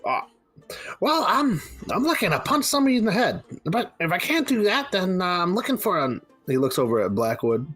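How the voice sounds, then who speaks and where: A man playing a tabletop role-playing game in a casual, lively way. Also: high-pitched, brisk, husky, faint music behind. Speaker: player.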